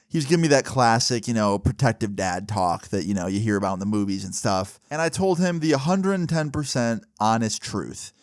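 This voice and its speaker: A man's voice: on the low side, expressive, a little fast, few pauses, no echo, clean studio sound. Laid-back young man telling a story. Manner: chatty, laid-back, conversational. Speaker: YouTuber storyteller. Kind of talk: casual storytime narration.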